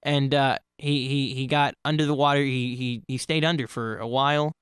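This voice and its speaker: In clean, dry studio sound, a channel host shares personal stories casually, wandering off track and often correcting himself or starting again. He has a clear, resonant, fairly bright voice of medium pitch, speaking steadily at a normal speed.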